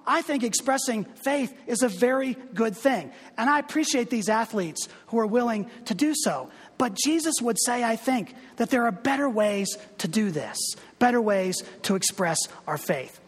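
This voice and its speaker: A man's voice: very high-pitched, lively intonation, normal speed, slightly rough, in a large hall. A male pastor giving a conversational, humorous sermon full of asides.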